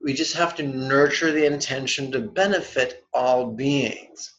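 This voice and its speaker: A man teaching meditation in an online lesson, speaking deliberately and dropping in playful, wry asides. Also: mid-range voice, a bit bright. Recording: dull lo-fi webinar audio.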